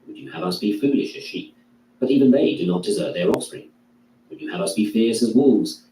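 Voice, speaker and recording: Male reader, dark tone, measured declaiming delivery of a classical text; roomy, echoey recording. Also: mid-range voice, expressive, creaky. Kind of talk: reading a classical philosophy text aloud. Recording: echoey room, distant mic, faint hum.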